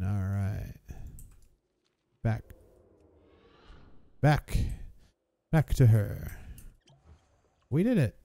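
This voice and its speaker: Mellow-voiced man narrating his gameplay. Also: mid-range voice, clean tone, no echo. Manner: playful, chuckling, self-narrating. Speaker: gamer, video host. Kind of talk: casual gameplay commentary.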